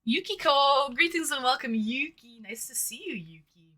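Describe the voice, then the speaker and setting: On a webcam mic, a woman from Massachusetts with a Massachusetts accent hosts online dates during a casual livestream, eating while she talks. Her high voice has lively intonation and a moderate pace and sounds pushed and bright. Chatty, she reads the chat aloud and eats between words.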